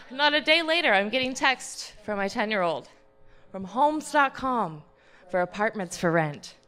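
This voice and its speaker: A woman's voice: mid-range voice, pushed and bright, clean tone. A woman in her thirties doing a self-deprecating stand-up set about her kids at a live comedy show, with lots of ums. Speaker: stand-up comic. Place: live comedy club stage.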